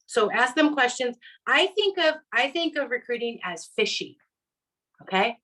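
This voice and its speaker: A woman's voice: fairly high pitch, big pitch swings, normal speed, pushed and bright, poor audio. A middle-aged woman, a sales director, giving her team a chatty, upbeat coaching talk and checking in with "right?" and "okay?" all the time. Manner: acts out quoted customers in put-on voices.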